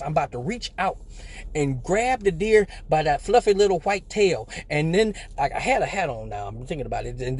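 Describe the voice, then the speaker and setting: A man's voice: fairly high pitch, breathy edge. A man telling a profane comic story on a live stream, acting out voices and sounds. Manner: animated, profane, acts out voices. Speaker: live show host. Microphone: phone or webcam on a live stream.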